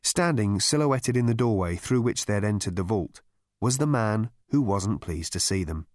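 A man's voice: lowish voice, lively intonation, normal speed, no echo. A man reading a comic novel aloud as narrator in a dry, wry storytelling manner. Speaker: audiobook narrator. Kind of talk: scripted narration.

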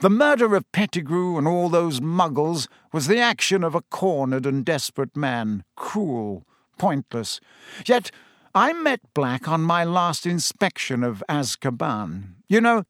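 A man voicing a pompous middle-aged minister in a storybook reading, with a brisk, officious delivery. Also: on the high side, sing-song, fairly bright tone, dry recording, studio quality. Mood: troubled. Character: pompous middle-aged male minister, self-important but shaken.

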